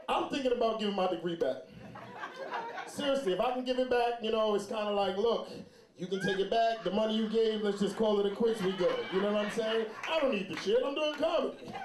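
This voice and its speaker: A man doing a loud, animated stand-up comedy set, telling stories and shouting some bits. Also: sits high, fairly quick, background noise. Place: comedy club stage. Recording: roomy club with crowd. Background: audience laughter.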